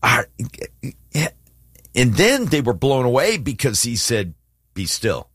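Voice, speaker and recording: On a faith talk show, a male co-host chats casually about the Bible, speaking slowly and acting out quotes with wide swings in pitch. He's animated throughout, and the dry recording has studio quality.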